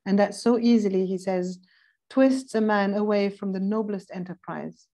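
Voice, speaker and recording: A woman with a mellow, darker tone leads a philosophy seminar. She lectures thoughtfully, stopping now and then to hunt for a verse, and slows down to read passages with care. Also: mid-range voice, fairly even intonation. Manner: thoughtful, pauses to look up verse numbers; reads quoted passages slowly and deliberately. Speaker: seminar instructor.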